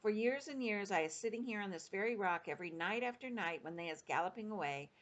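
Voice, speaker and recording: A woman's voice: medium pitch, animated, quick pace, fairly bright tone, highs cut off, close to an everyday voice. A woman voicing a kindly big friendly male giant who talks in mangled grammar with made-up words.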